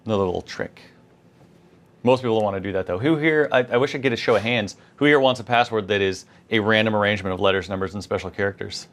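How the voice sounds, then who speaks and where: A man's voice: lowish voice, fast, fairly bright tone. A man co-hosting a conversational tech lesson, chatty and full of anecdotes and quoted asides. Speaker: co-host.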